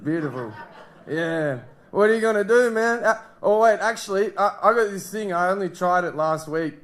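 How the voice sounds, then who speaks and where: A crude young Australian comic on stage. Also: male voice, high voice, lively intonation, moderate pace, fairly bright tone. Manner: crude, loose and rambling, laughing at his own jokes. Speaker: stand-up comedian. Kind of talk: stand-up comedy set. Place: live comedy club stage.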